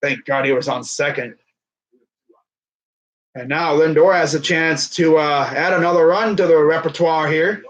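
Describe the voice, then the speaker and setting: Give me a man with a higher voice doing rambling, joking play-by-play for a stream. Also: measured pace, rough recording. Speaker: baseball fan streamer. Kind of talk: casual live game commentary.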